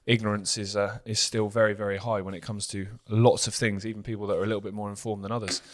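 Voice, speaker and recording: A man's voice: fairly low pitch, level tone, fast, slight background noise. A man co-hosting a news commentary show, talking earnestly in long run-on points.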